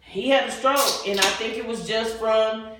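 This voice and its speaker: A woman co-hosting a podcast, chatting casually in slang and telling stories with animated energy. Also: a little high, moderate pace, very echoey, recorded from a distance, background noise. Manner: animated, slangy storytelling with laughs. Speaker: podcast co-host. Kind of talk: casual chat. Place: room with friends at a bar setup.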